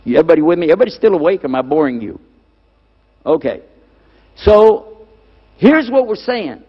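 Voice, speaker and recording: Very animated and a little fast, a high-leaning male voice delivers a religious lecture on Islam to a live audience. He peppers them with rhetorical questions and repeats key words, captured in a dull lo-fi recording within a reverberant hall.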